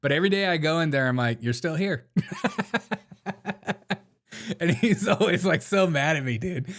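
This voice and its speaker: A man's voice: on the high side, lively intonation, normal speed, a bit bright. A man hosting a live-stream show, chatting casually in slang, laughing often and mocking the clips he plays.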